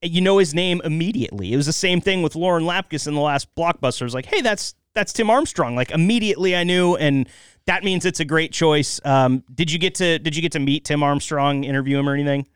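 A man's voice: on the high side, fast talker, smooth, no echo, clean studio sound. A man hosting a podcast, chatting casually with his guest and laughing often. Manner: laughs often, short back-channel replies. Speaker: podcast host. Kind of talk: casual chat interview.

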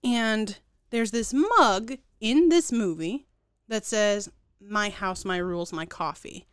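A young woman co-hosting a podcast in casual chat, telling stories and acting out quotes with lively emphasis. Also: medium pitch, takes it slowly, clear, resonant tone, dry recording, studio quality. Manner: animated storytelling, acts out quotes. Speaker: podcast co-host.

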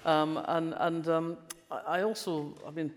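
A woman's voice: deep voice, steady tone, measured pace. An older woman from Fife with a Scottish accent, telling wry anecdotes as an interview guest, often restarting her sentences. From Scotland, Fife. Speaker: guest, crime writer. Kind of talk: conversational interview. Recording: long reverberant hall sound.

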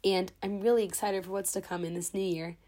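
A young woman hosts her podcast alone in front of her camera, speaking with open sentiment. She sounds close to tears but keeps talking steadily, her voice at an ordinary middle pitch. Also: steady tone, fairly quick, mellow. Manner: sentimental, tearful but holding back. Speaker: podcast host. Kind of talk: heartfelt podcast monologue. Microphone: own camera.

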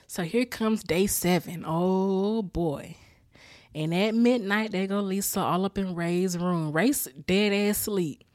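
A woman's voice: medium pitch, slow, no echo, studio quality. Laughing, profane woman recapping a sitcom. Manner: profane, laughs often, animated storytelling. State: tired after a rough weekend. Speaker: podcast host recapping a sitcom. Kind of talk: casual chat recap.

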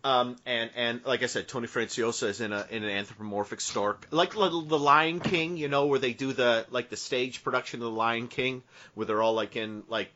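A man's voice: medium pitch, fairly quick, few pauses, sharp tone. A man hosting a podcast, telling a playful made-up story full of asides and tangents. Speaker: podcast host. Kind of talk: casual podcast banter. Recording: dull lo-fi podcast audio.

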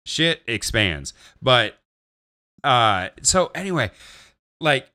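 Bright-voiced man telling a rambling story. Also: medium pitch, takes it slowly. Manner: rambling, swearing, animated retelling. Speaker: podcast co-host. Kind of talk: casual storytelling chat.

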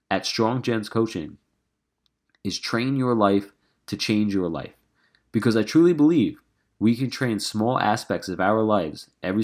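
A man with a somewhat low, stuffy, nasal voice talks straight to his listeners in a solo podcast. He speaks earnestly and with passion as a life coach, circling back and restarting his sentences as he goes.

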